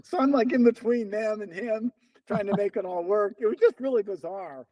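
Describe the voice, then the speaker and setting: An older man with a high, lively voice spins anecdotes as an interview guest, slipping into the voices of the people he quotes. The sound is close and dry. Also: normal speed, no room sound. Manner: animated storyteller, acts out quoted dialogue. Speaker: interview guest, runner and coach. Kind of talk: casual storytelling.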